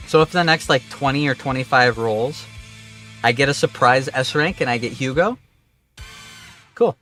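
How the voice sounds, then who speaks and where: Male streamer, mid-pitched, casual rambling chat laced with swearing, faint music underneath. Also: normal speed, fairly bright tone. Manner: rambling, profane and offhand.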